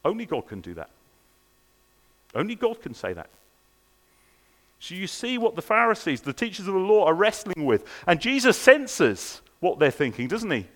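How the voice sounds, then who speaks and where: Earnest male preacher with a fairly high voice. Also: huge pitch swings, moderate pace, long pauses. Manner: earnest, repeats rhetorical questions. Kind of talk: sermon. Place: church service. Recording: long reverb of a large hall.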